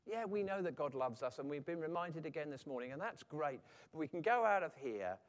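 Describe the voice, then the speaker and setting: A man preaching a sermon in a lively way, sometimes acting out quoted voices. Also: fairly high pitch, a little fast, long reverb tail. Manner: animated, acts out quoted voices.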